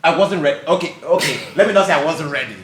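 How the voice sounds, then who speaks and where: A man hosts a casual podcast, telling stories animatedly and laughing often. His voice sits fairly high. The room is echoey with a faint hiss behind him. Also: fast, a bit bright. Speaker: podcast host.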